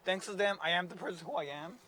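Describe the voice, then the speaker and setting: A young man speaking at an outdoor rally as named plaintiff, halting and emotional, moving between English and Spanish. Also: high-pitched, pushed and bright, slight background noise. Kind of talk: emotional public speech. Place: outdoor rally outside a courthouse.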